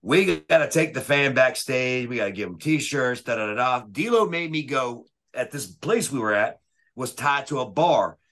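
A man telling wrestling stories in a casual, profane and animated way. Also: medium pitch, moderate pace. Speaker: wrestling referee guest. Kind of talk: casual storytelling.

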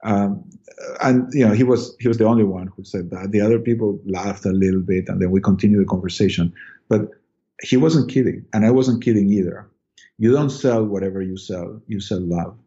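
A middle-aged man, a podcast guest, telling a personal story in casual talk, halting and repeating words with many ums. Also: on the low side, warm tone, lo-fi sound.

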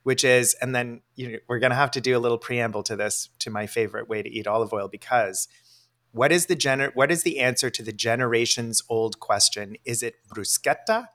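A man's voice: mid-range voice, steady tone, a little fast, a bit bright. A man co-hosting a podcast, chatting in an enthusiastic way and asking leading questions. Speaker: podcast co-host. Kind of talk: casual chat.

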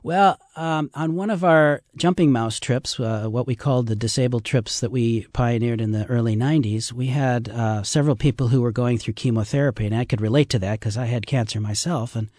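A man's voice: medium pitch, brisk, few pauses, a little mellow, no echo, studio quality. A man who guides river rafting trips, telling heartfelt, reflective stories as a radio interview guest. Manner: heartfelt, reflective storytelling with fillers.

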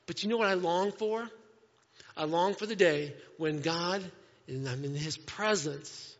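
A man preaching a sermon in a conversational way, moving between playful asides and hushed, earnest moments. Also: sits high, measured pace, long reverb tail, lo-fi sound. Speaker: pastor. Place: church sanctuary.

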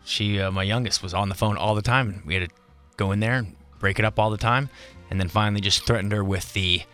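A man's voice: lowish voice, steady tone, quick pace, bright, forceful tone, faint music behind. A man in his fifties co-hosting a morning radio show, giving wry, teasing advice from experience.

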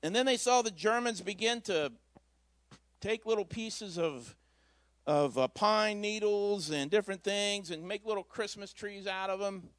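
A man's voice: sits high, a little slow, a bit bright, no room sound. A man preaching a Christmas Eve sermon in a church, telling a story in a folksy, conversational way with asides. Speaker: pastor.

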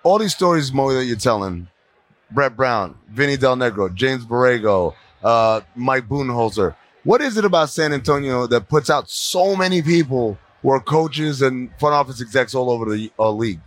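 A man's voice: mid-range voice, moderate pace, no echo. A man hosting a casual sports podcast who interviews his guest with joking, blunt asides. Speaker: podcast host.

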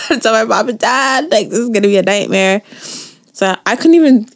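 A woman's voice: medium pitch, animated, fairly quick. A young woman co-hosting a podcast, telling a story in casual chat, acting out quotes and laughing often. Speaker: podcast co-host.

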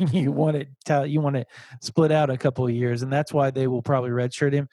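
Man, podcast host, casual sports chat, repeats words, mid pitch, dry close sound. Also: level tone, brisk, warm tone, no room sound. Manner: chatty, repeats words while laughing.

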